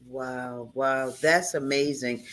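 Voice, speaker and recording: A woman's voice: rumbling low, fairly even intonation, slow pace, fairly bright tone. A woman hosting a talk show interview, effusive and emotional, often stumbling over her words. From Charleston, South Carolina.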